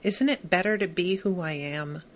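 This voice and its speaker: A woman voicing a proud, flamboyant teenage boy who speaks in a quiet, defiant way, in a podcast recap. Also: on the low side, moderate pace, lightly acted.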